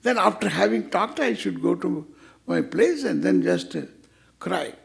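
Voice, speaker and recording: A man's voice: high-pitched, huge pitch swings, unhurried, vocal fry. An older man teaching a scripture class in a playful, teasing way, acting out little dialogues. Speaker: spiritual teacher.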